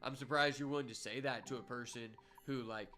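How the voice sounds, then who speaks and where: Excitable bright-voiced young male streamer. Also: mid-range voice, a little fast. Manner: excitable, swings from quiet muttering to loud shouting. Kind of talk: live gameplay commentary and storytelling.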